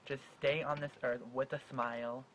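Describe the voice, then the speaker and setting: A man's voice: medium pitch, level tone, moderate pace, a bit bright, slight background noise, rough recording. A young man in his late teens speaking in an earnest, heartfelt way, with a stutter and frequent restarts. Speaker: vlogger. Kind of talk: personal advice vlog.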